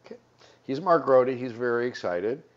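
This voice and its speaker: A man hosting a sports radio show, rambling and joking, quick to laugh. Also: medium pitch, animated. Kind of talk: casual sports radio talk. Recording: slightly dull radio broadcast audio.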